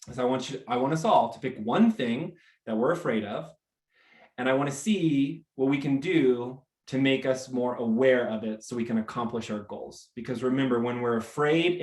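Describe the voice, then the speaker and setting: An American man hosting a motivational live talk, energetic and animated, acting out little scenes as he speaks. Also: medium pitch, roomy sound. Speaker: host.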